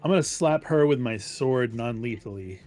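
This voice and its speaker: A man's voice: medium pitch, normal speed, darkish tone, faint music behind. Man reading out game rules. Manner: counts aloud, reads out rules. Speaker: player. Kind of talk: tabletop game chat, reading rules aloud.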